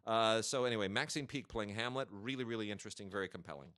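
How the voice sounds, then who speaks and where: A man on a podcast, spinning an anecdote in an emphatic, chatty way. His voice has a bright, forward edge. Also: on the low side, fast talker. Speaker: podcast co-host. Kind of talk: casual chat and anecdotes.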